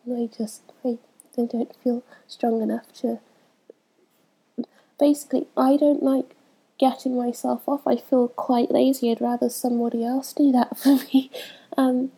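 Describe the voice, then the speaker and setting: A young woman talking in a casual, hesitant way, her voice congested from a cold. Her tone is very dark and husky with a gravelly fry, kept fairly high but flat in pitch. She fills pauses with ums as she works through a list of questions. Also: rough recording. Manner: hesitant, many ums, laughs between answers. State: stuffy from a cold. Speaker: vlogger answering a questionnaire. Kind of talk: casual chat.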